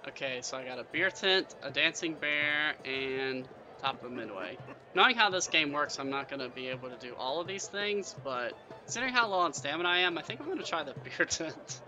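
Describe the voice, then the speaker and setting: A man's voice: a little high, expressive, brisk, pushed and bright, soft background music, poor audio. A man reading a fantasy gamebook aloud, narrating in second person with chatty asides. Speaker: gamebook player and reader.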